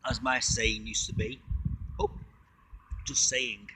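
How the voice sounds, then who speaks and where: Casual male livestream host, bright and a touch husky, chatty rambler fond of wordplay. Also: mid-range voice, steady tone, takes it slowly, low-quality recording. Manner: talks while eating.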